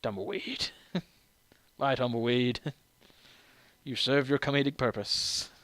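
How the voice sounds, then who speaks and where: A man's voice: mid-range voice, slow pace, a bit bright, no room sound. Brief: man, slightly drunk, self-mocking game streamer, dry close sound. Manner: rambling, self-deprecating, laughs often. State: tipsy. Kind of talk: casual let's-play commentary.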